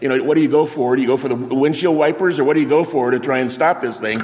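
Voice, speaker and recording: An older male preacher of middle pitch, telling a story from the pulpit and bringing it to life with sound effects and quoted voices. His voice carries a long reverb, as if spoken in a big church sanctuary. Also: quick pace. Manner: animated anecdote with sound effects and acted-out quotes. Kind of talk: storytelling sermon. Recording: long reverb of a large hall.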